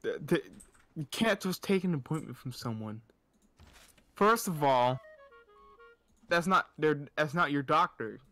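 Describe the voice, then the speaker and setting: A young man with a bright, forceful voice reads internet stories aloud for laughs, joking between lines. He talks a little higher than most men, and faint music plays underneath. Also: lively intonation, a little slow, long pauses. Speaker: podcast host reading stories. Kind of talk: casual comedic reading.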